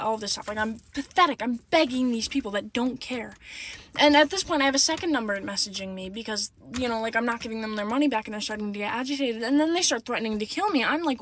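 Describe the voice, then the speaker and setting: A woman's voice: a little high, expressive, brisk, fairly bright tone. Rambling woman telling a story from a car. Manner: rambling, full of "like" and "you know". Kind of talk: casual storytime. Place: inside a car.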